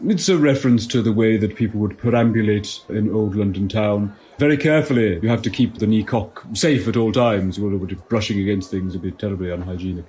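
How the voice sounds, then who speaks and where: A man's voice: on the low side, fairly quick, hardly any pauses, darkish tone, close to an everyday voice. A man playing a pompous, self-assured tour guide in a comedy audio sketch.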